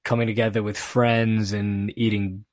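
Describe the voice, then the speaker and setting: A man's voice: fairly low pitch, level tone, normal speed, darkish tone, no echo, clean studio sound. A man guest on a podcast, talking casually in a laid-back way with frequent restarts and light laughs. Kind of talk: casual chat.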